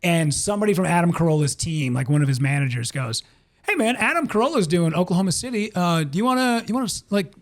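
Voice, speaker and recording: A man from Minnesota, a comedian and one-time radio host, telling stories in a podcast interview. His voice sits high for a man and he moves lively through each story, acting out what other people said. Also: fast talker. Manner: animated, acts out other people's lines in quoted voices.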